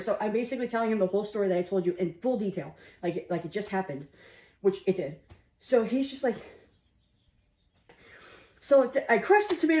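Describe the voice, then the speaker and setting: A woman's voice: mid-range voice, expressive, quick pace, long pauses, a little mellow. A woman casually telling a comic story, laughing through her words and swearing now and then. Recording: roomy echo with faint music.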